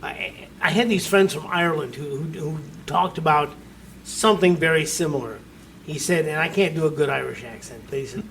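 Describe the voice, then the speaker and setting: A man with a fairly high voice hosts a talk radio show, telling stories in a homespun, easygoing way. He often restarts his sentences and mimics the people he quotes. A faint hum of background ambience sits behind him. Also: expressive, fairly quick, a bit bright. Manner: folksy storyteller, acts out quoted voices, frequent restarts. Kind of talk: casual talk radio chat.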